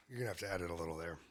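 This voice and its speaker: A man's voice: deep voice, fairly bright tone. A man hosting a comedy podcast, telling loose, profane travel stories with frequent laughter. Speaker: podcast host. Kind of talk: casual comedic chat.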